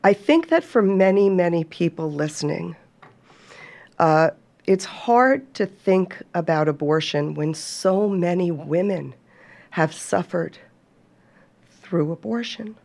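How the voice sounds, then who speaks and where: A woman's voice: fairly low pitch, expressive, slow, vocal fry, a little mellow. A woman hosting a podcast, speaking earnestly and heartfeltly to listeners she calls folks and reading scripture aloud. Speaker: podcast host.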